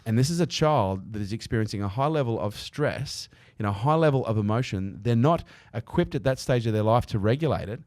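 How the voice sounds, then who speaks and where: A man's voice: medium pitch, animated, a little fast, few pauses, darkish tone, dry recording. A man speaking as a podcast guest in a candid interview, earnest and emphatic, with casual swearing. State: he is a parent.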